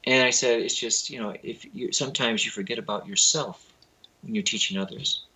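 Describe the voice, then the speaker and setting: Husky, forceful male storyteller. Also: medium pitch, a little fast, low-quality recording. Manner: animated storyteller who acts out the people he quotes, loose grammar. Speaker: spiritual teacher, interview guest. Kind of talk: telling anecdotes in a casual interview.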